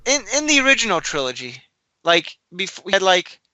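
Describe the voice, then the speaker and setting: A man's voice: high-pitched, sing-song, normal speed, sharp tone, no room sound. A man co-hosting a podcast in casual chat, rambling and laughing at his own slips. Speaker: podcast co-host.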